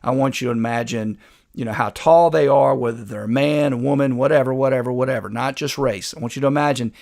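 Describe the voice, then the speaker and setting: Gravelly sarcastic male commentator. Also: mid-range voice, fast, darkish tone. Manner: sarcastic, combative. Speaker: host. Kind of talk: political commentary.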